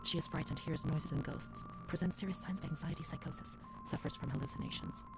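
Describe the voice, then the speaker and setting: A woman voicing a haunted game narrator who reads old asylum records in a hushed voice that often drops to a whisper. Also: on the low side, fairly even intonation, fast, loud music behind the voice, close to an everyday voice. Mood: hushed uneasy. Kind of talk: scripted narration. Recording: game audio with noisy ambience.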